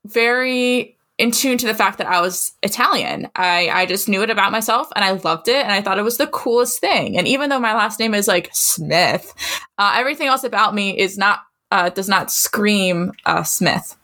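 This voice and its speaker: A woman's voice: medium pitch, moderate pace. A woman from rural Maryland hosting a podcast, chatting casually and laughing often as she tells family stories. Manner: laughs often, animated when telling stories. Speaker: podcast host. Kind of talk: casual chat.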